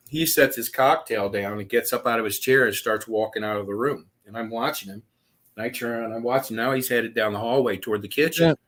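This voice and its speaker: A man tells his story as a guest over a video call, swearing freely and chuckling between lines. His voice is bright and forceful, with a middle pitch for a man. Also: a little fast. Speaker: guest, author telling his own story. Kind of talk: casual storytelling.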